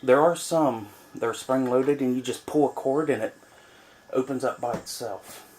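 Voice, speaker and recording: A man rambles casually to a handheld camera inside a small woodland cabin, his talk loose and full of fillers. His voice sits at an ordinary middle pitch, with a faint hiss and the crinkle of snack bags behind him. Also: normal speed, a little mellow. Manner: rambling, chatty, many fillers. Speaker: vlogger on a cabin trip.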